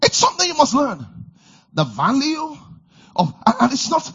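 A male preacher delivering a fervent sermon, repeating lines and swinging between shouted declarations and low murmurs. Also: huge pitch swings, moderate pace, dull audio.

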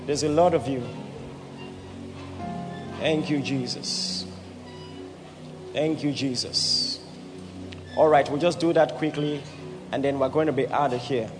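A man preaching as a pastor, leading an altar call with emphatic, repeated calls to the crowd. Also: a little high. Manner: emphatic, repeats "did you hear what I said". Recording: echoey hall with music behind.

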